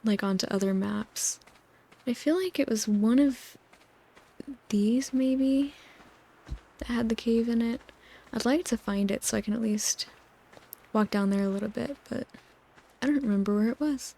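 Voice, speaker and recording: Young woman, quiet and meandering, murmuring close to the mic for a sleep video. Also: fairly high pitch, measured pace, vocal fry, long pauses. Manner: gentle, meandering, with frequent "like" fillers. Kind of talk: soft-spoken sleep rambling over gameplay. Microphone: close microphone.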